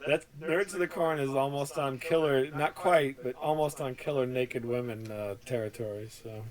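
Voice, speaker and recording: A man's voice: medium pitch, moderate pace, poor audio. A man hosting a podcast, teasing his guests with wisecracks in casual chat. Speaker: podcast host.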